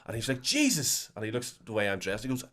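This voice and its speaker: A man with a Belfast accent telling a funny story in casual podcast chat, sweary and animated, acting out the people in it. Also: fairly low pitch, racing. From Northern Ireland. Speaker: podcast co-host.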